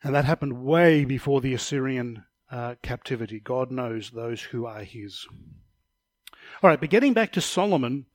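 A man's voice: medium pitch, expressive, moderate pace, no room sound, studio quality. A man teaching a Bible study lesson, explaining passages step by step and referring to slides, sometimes stumbling over a word.

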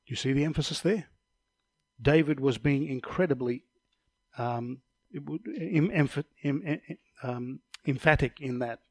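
A man's voice: mid-range voice, unhurried, husky, no room sound. A man teaching a Bible study lesson, explaining passages step by step and referring to slides, sometimes stumbling over a word.

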